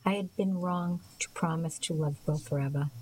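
Woman, audiobook narrator, first-person, soft, measured, reflective, lowish voice. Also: fairly even intonation, a little hiss or hum, rough recording.

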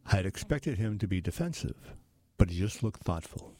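A man narrating a novel aloud in a measured way, announcing each quote and end quote. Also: low voice, expressive, dark tone.

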